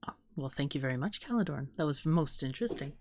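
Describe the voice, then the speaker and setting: A woman's voice: low-pitched, animated, fast, a little mellow, slight background noise. A woman co-hosting a casual podcast, laughing often and rambling through playful guesses. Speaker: podcast co-host.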